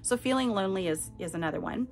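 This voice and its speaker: A woman's voice: medium pitch, expressive, quick pace, faint music behind. Candid woman speaking straight to listeners. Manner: candid and emphatic, addresses listeners directly with frequent "okay?". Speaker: podcast host. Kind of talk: personal testimony to listeners.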